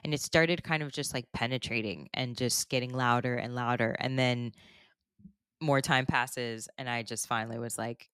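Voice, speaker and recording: A woman's voice: a bass voice, normal speed, fairly bright tone, clean tone, no echo, studio quality. A woman hosting a podcast, talking in a candid, rambling way full of "like" and "basically". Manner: rambling, candid, heavy use of fillers like "like" and "basically". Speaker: podcast host. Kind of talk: casual chat.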